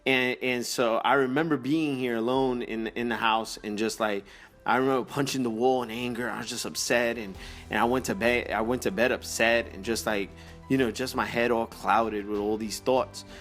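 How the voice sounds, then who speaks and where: A man telling a personal faith testimony, halting with fillers, then building into a fervent exhortation. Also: mid-range voice, steady tone, fairly bright tone, soft background music. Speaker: motivational speaker.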